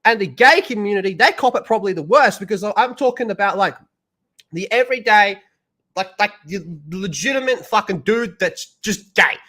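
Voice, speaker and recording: A man's voice: sits high, normal speed, sharp tone. A man ranting bluntly and profanely as a stream commentator.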